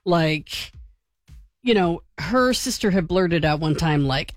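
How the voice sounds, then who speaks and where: A woman's voice: fairly low pitch, lively intonation, dry recording. Chatty woman radio co-host, dry sound. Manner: chatty, quick to laugh. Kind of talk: morning radio banter.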